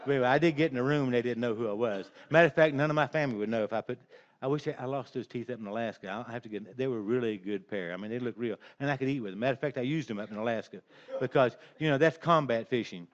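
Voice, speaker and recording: A man's voice: mid-range voice, rapid-fire. An older man telling a rambling, folksy personal story, chuckling along as he goes. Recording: dull lo-fi recording.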